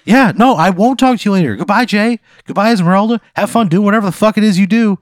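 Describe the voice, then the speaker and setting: A man's voice: high-pitched, fast, no room sound, studio quality. Indignant, swearing man ranting. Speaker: podcast co-host. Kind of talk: comedic podcast banter.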